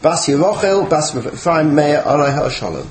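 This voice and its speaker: A man's voice: a little high, expressive, normal speed. A man formally announcing the dedication before a class. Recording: echoey room with background noise.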